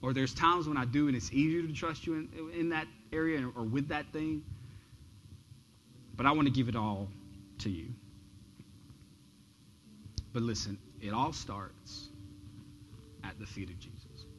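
A man preaching a sermon as pastor, earnest, often repeating words as he builds intensity and then drops low. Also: measured pace, pauses often, fairly bright tone, slight background noise, poor audio. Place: church sanctuary.

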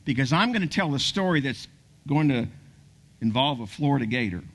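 A man preaching a sermon, telling a story with animation and dropping to a hushed near-whisper to stress key points. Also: medium pitch, animated, fairly quick. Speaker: pastor.

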